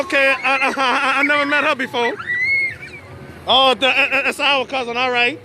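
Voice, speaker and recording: A man live-streaming a family party outdoors, chatting to the camera and often stammering and repeating words. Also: extremely high pitch. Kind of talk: casual live-stream commentary. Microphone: handheld phone camera. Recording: noisy outdoor phone stream with crowd.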